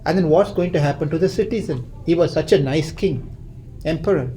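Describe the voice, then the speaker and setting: A man's voice: a little high, brisk, warm tone, a little hiss or hum, lightly acted, low-quality recording. A man voicing an elderly sage who scolds his son in a reproachful, lecturing way.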